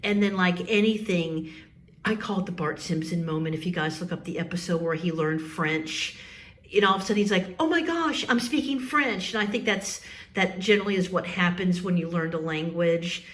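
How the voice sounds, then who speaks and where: A woman's voice: lowish voice, fairly even intonation, fairly quick. A woman vlogging casually about learning ham radio and Morse code, chatty and folksy. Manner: chatty, folksy, says y'all. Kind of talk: casual chat. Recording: noisy home recording.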